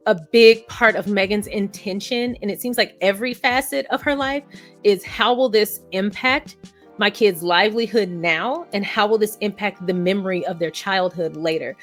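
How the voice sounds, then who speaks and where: A woman's voice: mid-range voice, moderate pace, fairly bright tone, soft background music. A woman vlogger giving casual, effusive reaction commentary, chatty and laughing often.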